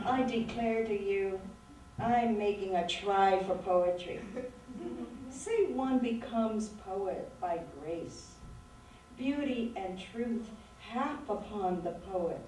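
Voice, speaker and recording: Slow, soft-toned woman reading in echoey hall. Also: fairly high pitch, noisy background. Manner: measured, lyrical reading. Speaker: author reading her work. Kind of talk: reading her prose aloud at a literary event. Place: event room at a writers' center. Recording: very echoey room, mic far off.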